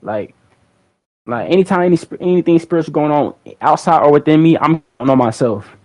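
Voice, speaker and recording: A man's voice: a little high, animated, fairly quick, a little mellow, low-quality recording. A young man hosting a livestream, chatting casually to his viewers in a rambling, slangy way, often repeating words. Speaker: livestream host.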